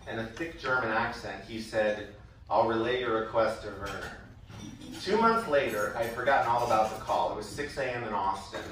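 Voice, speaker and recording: A man's voice: mid-range voice, a little hiss or hum. A young adult man telling wry stories in a speech at a school event. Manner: wry, animated storytelling with laughs. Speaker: former student giving a speech. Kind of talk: storytelling speech. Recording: echoey hall from far off.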